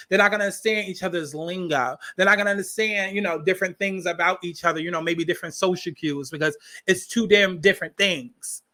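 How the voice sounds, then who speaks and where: A man's voice: high-pitched, pushed and bright. A man hosting a podcast, ranting heatedly, swearing a lot and repeating lines for emphasis. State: agitated. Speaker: podcast host.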